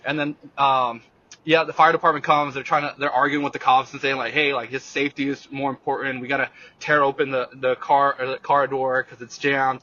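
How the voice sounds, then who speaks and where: Bright-voiced young man telling his story. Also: mid-range voice, fairly even intonation, highs cut off. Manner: halting, many fillers and restarts. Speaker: guest. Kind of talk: casual interview storytelling.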